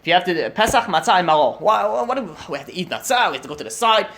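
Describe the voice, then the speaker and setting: A man teaching through stories, talking fast and excitedly, acting out the quoted lines and often restarting his sentences. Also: sits high, gravelly. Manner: animated, acts out quotes, many restarts. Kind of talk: storytelling lesson.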